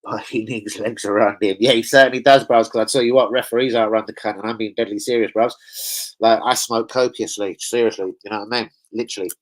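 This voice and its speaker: A man's voice: lowish voice, steady tone, a little fast, rough recording. A man hosting a football fan live stream, swearing heavily and bantering with slang as he reads the chat. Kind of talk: casual live-stream rant reading chat.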